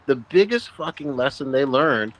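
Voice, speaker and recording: A man's voice: mid-range voice, expressive, moderate pace, fairly bright tone, rough recording. Crude, emphatic man telling a story. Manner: crude, emphatic storyteller, draws out words for effect. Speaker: podcast co-host. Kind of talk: casual gaming podcast chat.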